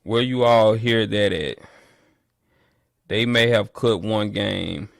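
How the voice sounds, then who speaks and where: A man hosting a casual livestream, reading the chat and trash-talking rival teams playfully, with loud animated bursts. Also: on the low side, takes it slowly, creaky, no echo, studio quality.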